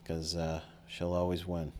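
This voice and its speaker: A man's voice: sits low, completely flat delivery, measured pace, mellow, a little hiss or hum. A man hosting a casual podcast chat, rambling and self-deprecating, with lots of fillers. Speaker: podcast host.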